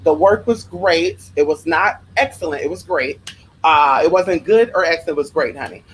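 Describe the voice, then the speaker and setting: A spiritual worker telling rambling stories to viewers in a sassy, profane, animated way, often drifting into side tangents. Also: normal speed, a little hiss or hum, low-quality recording. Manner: profane, sassy and animated, with big pitch swings. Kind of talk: casual storytelling to viewers.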